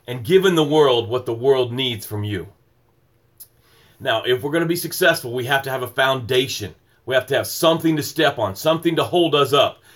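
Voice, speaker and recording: A man's voice: medium pitch, a bit bright. Emphatic motivational male livestream host. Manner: emphatic, rhythmic, repetitive preaching cadence; greets viewers by name mid-flow.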